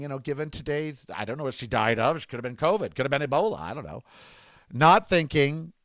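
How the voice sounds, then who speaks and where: Casting: man, slightly high voice, smooth, animated storyteller. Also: no echo. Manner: animated anecdotal, acts out dialogue. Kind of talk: casual storytelling monologue.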